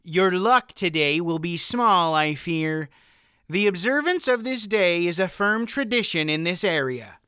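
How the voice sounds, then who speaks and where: Stubborn old farmer, firm flat talk, bright clear voice, a man reading him. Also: high voice, unhurried, dry recording, studio quality, pitched above the performer's own voice, exaggerated voice. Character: stubborn pious older male farmer.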